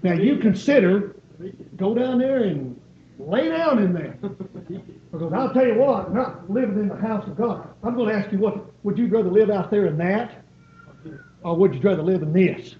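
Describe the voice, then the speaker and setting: A man's voice: sits high, animated, moderate pace, slight background noise. A man preaching a sermon, pleading and repeating his points with rising emphasis. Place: church. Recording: echoey, dull church recording.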